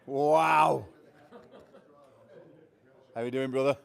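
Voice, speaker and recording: A man's voice: mid-range voice, steady tone, drawn-out words, creaky. A man hosting a press conference, brashly introducing fighters and trading joking banter full of swearing.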